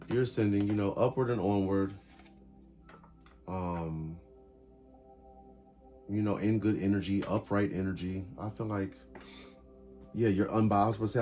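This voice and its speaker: A man's voice: lowish voice, mellow. A man giving a casual tarot reading, calling out cards in short emphatic bursts. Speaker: tarot reader.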